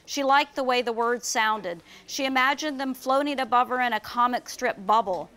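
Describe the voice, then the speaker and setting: A woman author reading her children's book aloud and describing its pictures at a bookstore event, in a lively storytelling manner. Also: a little high, normal speed.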